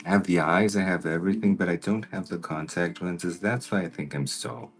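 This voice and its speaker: A man doing a makeup transformation on a livestream, talking casually to viewers and now and then greeting them by name in an excited high voice. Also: brisk, faint music behind. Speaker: makeup artist vlogger.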